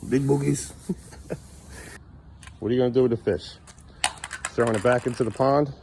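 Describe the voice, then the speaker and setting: A man's voice: mid-range voice, moderate pace, noisy background. A man talking casually to his young son as a father, playful and coaxing, teasing him now and then.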